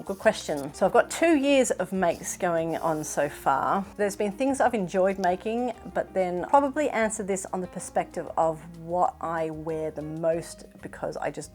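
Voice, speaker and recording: A middle-aged woman from Australia with a slightly British-tinged Australian accent, chatting casually to camera as a sewing vlogger, self-deprecating and quick to laugh. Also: mid-range voice, animated, soft background music. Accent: Australian with some British influence.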